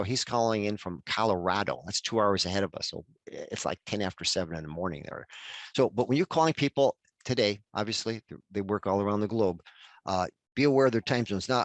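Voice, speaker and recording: A man's voice: on the low side, no echo. An older man in his sixties presenting a workshop over a video call, chatty and addressing attendees by name. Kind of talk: webinar workshop talk.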